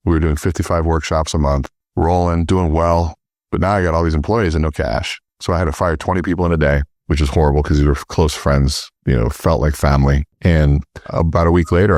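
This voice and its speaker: Fast-talking deep-voiced man telling stories. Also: dry recording, studio quality. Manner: animated storyteller acting out dialogue. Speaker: guest, sales trainer. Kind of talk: storytelling in interview.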